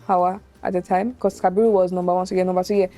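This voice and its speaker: A woman hosts a casual podcast chat, teasing her guest in a playful manner. She talks quickly, and her voice has a warm, mellow color. Faint music sits in the background. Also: fairly low pitch, level tone. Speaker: podcast host.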